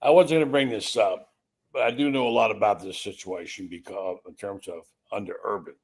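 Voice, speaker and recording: A man's voice: lowish voice, brisk, slightly rough. A man, a sports writer guest, telling a story in a confiding, anecdotal way and often repeating his words. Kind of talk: casual storytelling on a panel.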